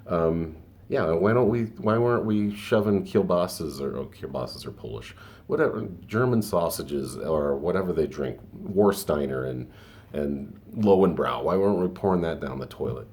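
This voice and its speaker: A man's voice: low-pitched, lively intonation, normal speed, darkish tone. A man hosting a solo podcast, rambling through an opinion rant with frequent restarts and asides. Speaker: podcast host.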